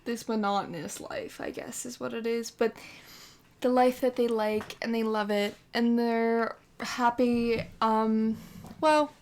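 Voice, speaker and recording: A woman's voice: on the high side, fairly even intonation, takes it slowly. Chatty woman narrating her game. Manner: rambling, many fillers, chatty asides. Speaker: gameplay commentator. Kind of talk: casual game commentary.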